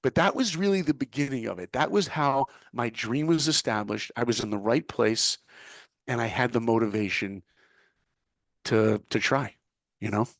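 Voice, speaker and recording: A middle-aged man telling his story as an interview guest, emphatic and animated, acting out what others said. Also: mid-range voice, moderate pace, no echo, studio quality. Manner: animated, emphatic, acts out quotes. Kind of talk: motivational storytelling.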